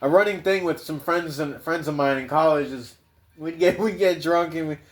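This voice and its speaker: A man rambling through a casual podcast monologue, swearing freely as he goes. His voice sits a little high for a man. The delivery is loose and meandering. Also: normal speed. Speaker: podcast host.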